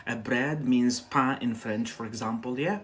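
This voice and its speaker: A man's voice: medium pitch, a little slow, a bit bright, slight background noise. A man from Algeria, not a native English speaker, giving a chatty live-stream English lesson and answering viewers' questions with many fillers. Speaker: English teacher.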